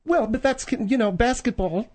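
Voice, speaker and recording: A man's voice: very high-pitched, darkish tone, pitched above the performer's own voice. A man voicing a prim, scolding middle-aged woman, a sidekick in a radio studio who teases the host. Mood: prim teasing. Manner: prim, teasing, quick to scold.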